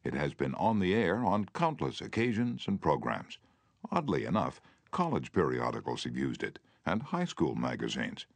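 A man reading a self-help audiobook aloud in a measured, earnest way, turning tender and remorseful in the quoted letter. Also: rumbling low, huge pitch swings, no echo. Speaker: audiobook narrator. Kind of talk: scripted audiobook narration.

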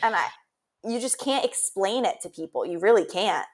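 A woman's voice: medium pitch, animated, moderate pace. A young woman co-hosting a podcast, talking earnestly in a rambling, filler-heavy casual way. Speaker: podcast co-host. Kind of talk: casual chat.

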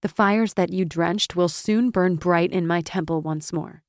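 A woman voicing a proud war goddess with a low, powerful delivery in an audiobook. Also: a little slow, dry recording, clean studio sound. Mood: indignant.

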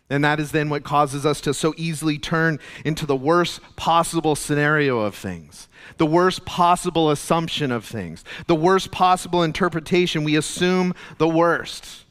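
A male pastor giving an earnest, conversational sermon, going soft and low when quoting figures, recorded in a church. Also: lively intonation, normal speed. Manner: earnest, conversational preaching, drops soft and low for quoted lines. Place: church sanctuary. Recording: long reverb of a church hall.

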